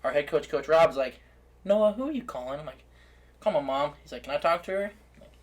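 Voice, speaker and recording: A young man co-hosting a podcast, chatting casually and telling funny stories through laughter. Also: fairly high pitch. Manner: laughing storyteller, quick asides. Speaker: podcast co-host. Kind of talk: casual chat.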